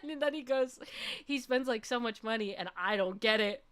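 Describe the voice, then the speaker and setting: A woman's voice: on the high side, moderate pace, fairly bright tone, clear, resonant tone. A young adult woman streamer telling a personal story in casual chat, laughing often and ending points with "okay?". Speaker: vtuber streamer.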